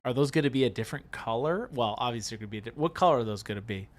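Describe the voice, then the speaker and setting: A man's voice: medium pitch, expressive, very fast. A man co-hosting a live painting stream, reading chat messages aloud in playful, goofy chat. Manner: playful, goofy, breaks into silly voices.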